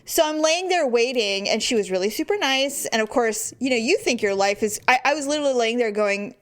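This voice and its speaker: Woman podcast host, chatty, swears freely, lively storyteller voice pitched a bit high. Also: fairly quick. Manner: animated storyteller, acts out quoted voices. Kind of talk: casual chat.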